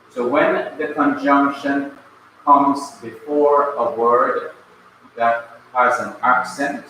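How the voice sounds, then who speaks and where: Male instructor from Jamaica, deliberate lecture pace, faint background hiss. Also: medium pitch, sharp tone. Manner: slow, patient, repeats key points. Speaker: Bible language teacher. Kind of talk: classroom lecture. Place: classroom. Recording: echoey classroom, mic at a distance.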